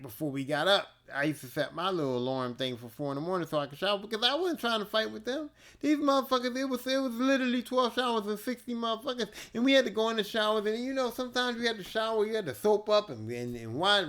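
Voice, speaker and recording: A male podcast host telling a casual story alone, laid-back, profane and animated. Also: high-pitched, fast, hardly any pauses.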